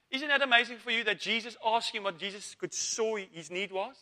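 A man's voice: high voice, normal speed, long pauses, pushed and bright. A man preaching a sermon, asking rhetorical questions, calling for amens and repeating words as he goes. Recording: long reverb of a church hall.

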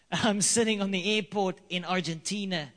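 A man preaching a sermon, telling a story with animated delivery and repeating key lines for emphasis. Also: sits high, moderate pace. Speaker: pastor. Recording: long reverb of a hall.

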